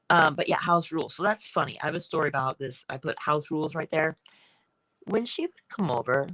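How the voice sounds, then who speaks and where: A woman chatting casually as she shows her craft books on a livestream, rambling and often clearing her throat. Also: sits low, a bit bright, no echo, low-quality recording. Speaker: artist hosting a livestream. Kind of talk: casual craft show-and-tell.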